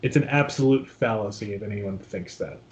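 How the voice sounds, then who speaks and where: A man's voice: fairly low pitch, moderate pace, rough recording. A man co-hosting a casual podcast, making wry, joking asides. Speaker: podcast co-host.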